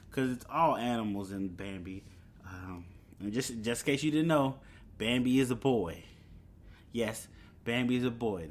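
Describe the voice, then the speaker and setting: A young man hosting a solo podcast, chatting casually about movie news with fillers and chuckles. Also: mid-range voice. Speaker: podcast host.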